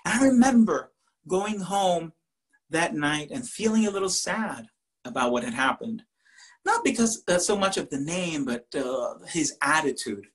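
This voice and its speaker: A Spanish-speaking man from Puerto Rico with a Puerto Rican accent, a teacher telling animated personal stories and slipping into voices. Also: a little high, measured pace. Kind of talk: storytelling talk.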